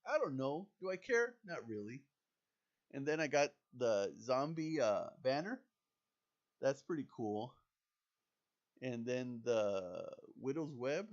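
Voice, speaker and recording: A man chatting casually over a video game, excitable and self-deprecating. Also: medium pitch, slow pace, pauses often, dull audio. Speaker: gaming YouTuber. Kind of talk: casual gameplay commentary.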